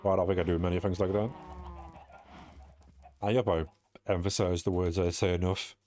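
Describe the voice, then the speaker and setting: Young British streamer, low voice, rambling and self-mocking chat, a bit sweary. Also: male voice, little pitch movement, moderate pace, a little mellow, a little hiss or hum. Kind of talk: casual streaming chat while playing.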